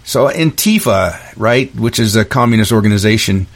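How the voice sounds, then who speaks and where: A man's voice: fairly low pitch, expressive, normal speed. A man hosting a solo podcast, delivering an angry ranting monologue full of restarts and repeated words. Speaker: podcast host.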